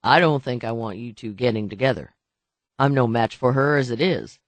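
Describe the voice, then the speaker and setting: A man voicing a soft-spoken nervous man on the run, hesitant and uneasy, in an audiobook. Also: medium pitch, lively intonation, moderate pace, no echo, pitched below the performer's own voice, natural voice. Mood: wry.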